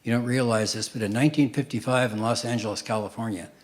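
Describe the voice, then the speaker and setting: A man doing live stand-up comedy in a deadpan one-liner style, on stage before an audience. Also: mid-range voice, fast. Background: audience laughter.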